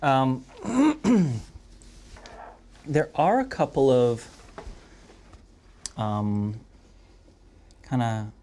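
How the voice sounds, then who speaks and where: Game master, tabletop narration, animated pitch, playful and chatty. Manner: playful, chatty, quickly laughing.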